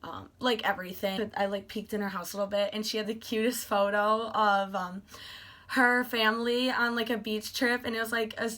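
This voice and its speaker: A woman's voice: mid-range voice, normal speed. A young woman vlogger telling a story in a casual, gushing way, acting out what she and her friends said. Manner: excited, gushing, acts out quoted dialogue.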